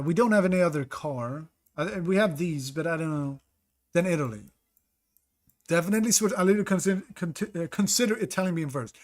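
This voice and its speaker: Brief: male streamer, slightly higher voice, casual running commentary, stops to greet chat by name. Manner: thinks aloud, greets chat mid-sentence.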